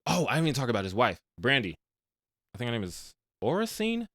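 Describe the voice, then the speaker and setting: A man's voice: medium pitch, wildly swooping pitch, quick pace, a bit bright, no echo. A young adult man hosting a casual movie podcast, retelling scenes with slangy asides. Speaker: podcast host reviewing movies. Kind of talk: casual chat.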